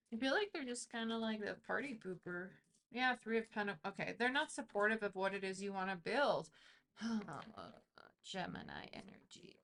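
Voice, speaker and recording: A woman's voice: medium pitch, fairly bright tone. A woman giving a casual tarot reading, chatty and intuitive, thinking aloud with lots of fillers. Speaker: tarot reader.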